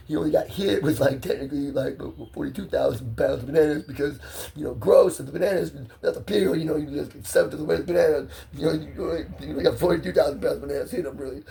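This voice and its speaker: A man's voice: fairly high pitch, fast talker, vocal fry, dark tone, far from the mic. A man telling a long, profane, rambling story, laughing at his own tale and swearing constantly.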